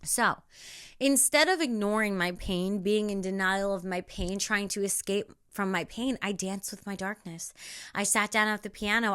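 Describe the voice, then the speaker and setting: A young woman hosting a spiritual self-help podcast, talking in an emphatic, repetitive, animated way. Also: mid-range voice, moderate pace, clean tone. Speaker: podcast host.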